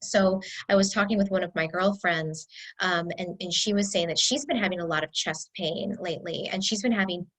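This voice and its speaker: A woman herbalist speaking in a casual talking-head video, telling a personal story in a chatty, halting way with many fillers and restarts. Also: on the low side, fairly bright tone, rough recording. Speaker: herbalist teacher.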